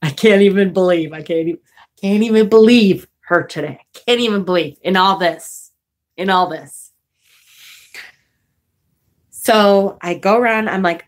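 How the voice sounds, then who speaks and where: A middle-aged woman casually telling a story on her vlog, animated and profane, jumping into high outraged bursts when she replays arguments. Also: unhurried, long pauses. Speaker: vlogger. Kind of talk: casual storytelling vlog, reading live chat.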